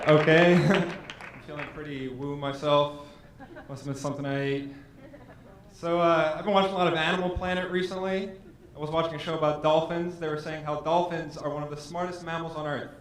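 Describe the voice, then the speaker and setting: A man's voice: a little high, steady tone, brisk, a little hiss or hum. A man doing a stand-up comedy set with dry, matter-of-fact storytelling. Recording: echoey hall from far off.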